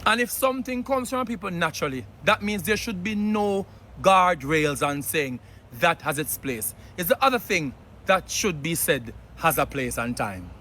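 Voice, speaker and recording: A Jamaican man delivers emphatic commentary, sliding between English and patois. His voice sits a bit high and comes across forceful and sharp. Faint outdoor traffic murmurs behind him. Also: animated, moderate pace. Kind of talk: opinion commentary.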